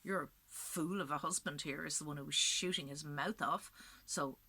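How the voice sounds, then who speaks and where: A woman's voice: low-pitched, moderate pace, bright, forceful tone, breathy edge, full character voice. A woman storyteller voicing a cold, merciless king who talks in a dismissive, curt way.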